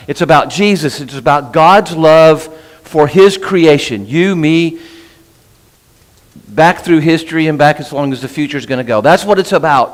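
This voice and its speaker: Man, casual Bible teacher, keeps asking right, slightly high voice, reverberant church hall. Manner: chatty, self-interrupting, asks "right?" often. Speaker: minister teaching a Bible class. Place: church meeting room.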